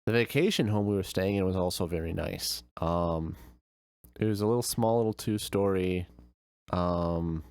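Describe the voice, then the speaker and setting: A man's voice: deep voice, moderate pace, darkish tone, clear, resonant tone, no room sound, studio quality. A young man streamer telling a vacation story in casual, rambling chat with many fillers.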